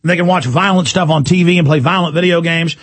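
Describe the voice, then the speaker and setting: A man hosting a call-in talk radio show, ranting and repeating himself, with sudden emphatic jumps in pitch. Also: fast talker, no echo.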